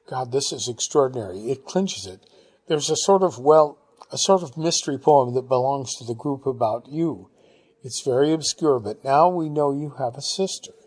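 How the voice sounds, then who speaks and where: A man reading an audiobook, voicing a genteel older Englishwoman who chats fondly about her childhood with brisk, upper-class exclamations. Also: medium pitch, expressive, darkish tone, natural voice. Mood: reminiscing. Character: genteel older Englishwoman, chatty and fond of the past.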